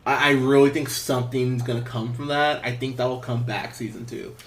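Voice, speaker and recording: A man's voice: medium pitch, fairly even intonation, fairly quick, a little hiss or hum. A man hosting a movie podcast. He rambles through a casual review, swearing freely and laughing often. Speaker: podcast host.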